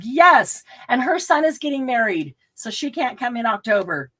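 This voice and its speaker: A woman's voice: fairly high pitch, very animated, normal speed, a bit bright, husky. A middle-aged woman hosts a casual live craft stream, chatting with a guest and viewers. She talks in an easy, rambling way, laughs a lot and now and then loses her thread.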